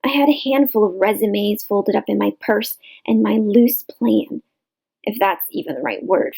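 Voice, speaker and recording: A woman reading a novel aloud in measured literary narration, in a rough home recording. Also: mid-range voice, mellow, low-quality recording. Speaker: audiobook reader.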